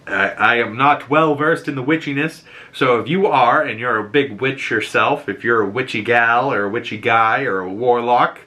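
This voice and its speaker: A young man with a Boston accent talks through an episode recap in a casual, animated way. His voice is bright and forward, with a mid pitch. He laughs often and slips into higher voices to act out lines. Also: moderate pace, few pauses. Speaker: show reviewer.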